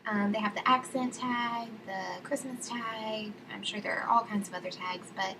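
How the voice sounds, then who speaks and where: A woman's voice: mid-range voice, fairly even intonation, moderate pace. Chatty Californian young woman, distant mic. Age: young adult. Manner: chatty, lots of ums and likes. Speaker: vlogger. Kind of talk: casual vlog chat. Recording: distant mic with clear room noise.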